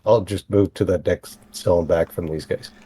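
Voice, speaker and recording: A man playing a tabletop game, calmly talking through his moves and the rules. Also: sits low, normal speed, breathy edge. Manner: matter-of-fact, talks through game rules. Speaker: player. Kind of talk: casual tabletop play.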